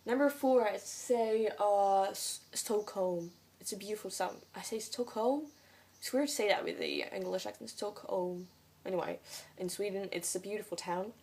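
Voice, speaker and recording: A woman's voice: mid-range voice, fairly even intonation, normal speed, darkish tone, a little hiss or hum. A young woman whose first language is French, chatting through a casual Q&A vlog in English, hesitant and rambling with many fillers. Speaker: vlogger.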